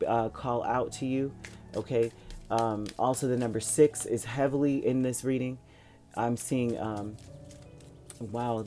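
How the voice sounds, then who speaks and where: A man with a mellow, dark-toned voice talks through a tarot reading in a loose, rambling way, reassuring his listeners and stopping to restart his sentences. Soft music plays faintly behind him. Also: medium pitch. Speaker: tarot reader. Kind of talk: casual spoken tarot reading.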